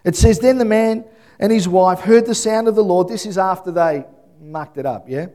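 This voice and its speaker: A man, middle-aged, preaching a sermon and telling family stories with lively acted-out voices. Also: normal speed. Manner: animated storytelling, acts out voices, high excited calling. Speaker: pastor.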